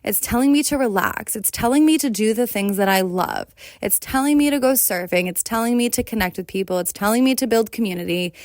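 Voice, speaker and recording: An American woman hosts a solo podcast, speaking in an earnest, confessional, reflective way and often checking in with "right?". Her voice is medium in pitch, and the recording is dry and studio quality.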